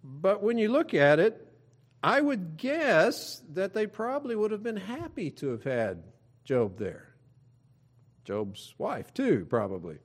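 A man's voice: high voice, wildly swooping pitch, slow. A man preaching a sermon in a conversational way, with frequent asides and fillers. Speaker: pastor.

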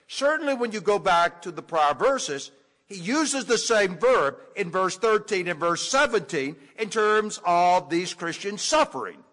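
A man preaching an expository sermon, teaching deliberately and leaning hard on key words. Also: high voice, fairly bright tone. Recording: echoey hall with long reverb.

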